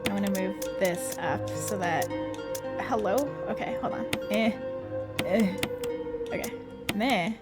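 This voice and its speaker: A woman's voice: medium pitch, slow, long pauses. A woman streaming a horror video game, chatting casually and playfully to her chat and her cat, with self-mocking asides. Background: loud video game music.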